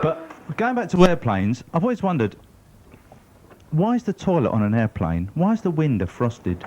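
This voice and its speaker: Brief: male stand-up comic, animated pitch, hesitant filler-heavy one-liners, dull noisy recording. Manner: hesitant, filler-laden delivery. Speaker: stand-up comedian. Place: comedy club stage.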